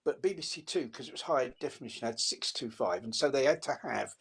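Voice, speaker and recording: A man's voice: medium pitch, lively intonation, a little fast, creaky, a bit bright, husky. An older man chatting casually as a co-host, rambling with many restarts and laughs. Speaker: radio co-host. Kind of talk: casual chat.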